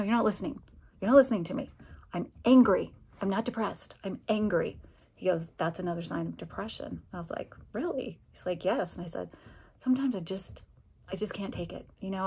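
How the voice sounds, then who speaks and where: A woman's voice: lowish voice, gravelly, slightly rough. A middle-aged woman, a former special education teacher, candidly telling a personal story in a vlog and acting out the conversations she quotes. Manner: candid, conversational, acts out dialogue with quoted voices.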